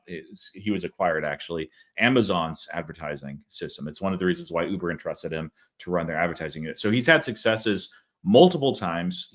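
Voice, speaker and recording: A man's voice: low-pitched, a bit bright. A man hosting a casual stock market discussion, thinking aloud with frequent fillers. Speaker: channel host.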